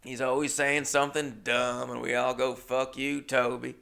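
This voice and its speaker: A man's voice: medium pitch, little pitch movement, moderate pace, vocal fry, sharp tone. A man voicing an easygoing, friendly male bar regular who cheerfully explains a local custom.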